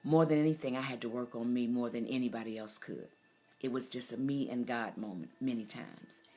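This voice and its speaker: A middle-aged woman giving an emotional personal testimony as host, impassioned and preacherly, rising to near-shouts. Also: a bass voice, fairly quick.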